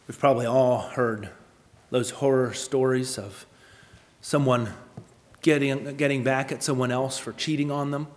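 A man's voice: mid-range voice, fairly even intonation, measured pace. Earnest preacher man in a reverberant hall. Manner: earnest, emphatic preaching with swells of volume. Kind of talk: sermon.

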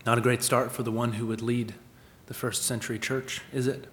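A man preaching a sermon, asking rhetorical questions and moving between emphatic lines and hushed ones. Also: mid-range voice, little pitch movement, brisk, long reverb tail. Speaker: pastor.

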